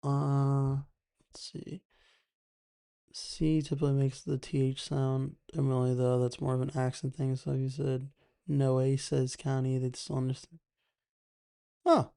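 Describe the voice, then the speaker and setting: A young man hosts a casual live stream and talks easily at an ordinary middle pitch. His tone is mellow and warm, and he thinks out loud while reading viewers' comments between updates. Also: little pitch movement, a little slow, gravelly, long pauses, clear, resonant tone. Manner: chatty, thinks aloud, reads chat comments. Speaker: election night live stream host.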